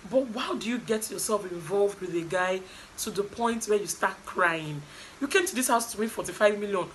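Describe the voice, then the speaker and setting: A woman's voice: medium pitch, moderate pace, a little hiss or hum, rough recording. A young adult woman with a Nigerian accent, animatedly recapping a reality show in casual gossip style. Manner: animated, chatty storytelling with asides.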